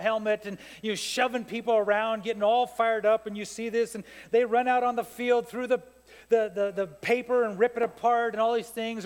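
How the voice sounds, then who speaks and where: A man preaching a sermon as pastor, telling stories in an animated way that builds to fired-up peaks. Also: high-pitched. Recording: long hall reverb.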